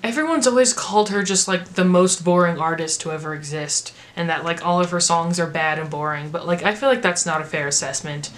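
A woman's voice: on the low side, a little fast, few pauses. An American woman talking casually on a vlog, rambling through her opinions as a music reviewer with lots of filler words. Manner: rambling, filler-heavy chatter.

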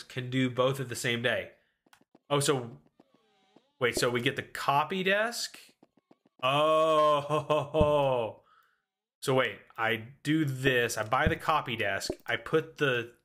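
A man's voice: mid-range voice, bright, forceful tone. A man streaming a cooking game solo, giving playful running commentary to his chat and talking himself through the chaos. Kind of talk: live gameplay commentary to chat.

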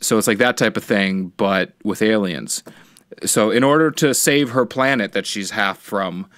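Male podcast co-host, low voice, rambling casual storyteller, profane, dry sound. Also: normal speed, fairly bright tone, dry recording. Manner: rambling storyteller, swears freely, acts out quotes. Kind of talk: casual chat.

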